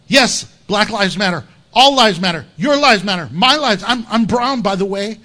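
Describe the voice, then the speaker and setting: A man's voice: sits high, lively intonation, normal speed, pushed and bright. A man preaching an expository sermon in an impassioned, emphatic, conversational way.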